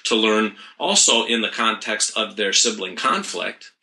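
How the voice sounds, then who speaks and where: This is a middle-aged man speaking as a parenting mentor in an interview. His voice sits a little low yet has a bright, forceful edge. He talks thoughtfully and often restarts his sentences. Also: lively intonation, a little slow. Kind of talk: reflective interview talk.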